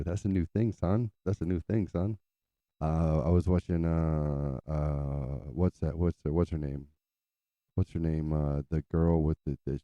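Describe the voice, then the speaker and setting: A man's voice: rumbling low, warm tone, dry recording. A man from California telling a rambling story in casual, profane chat, full of fillers, as host of his show. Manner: loose, profane, chatty, trails off in filler. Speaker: podcast host.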